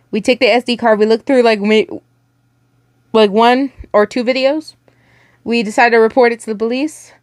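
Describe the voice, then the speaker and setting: A woman's voice: fairly high pitch, no room sound, clean studio sound. Young woman reading a story aloud. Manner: casual, stumbles over words and stops to react.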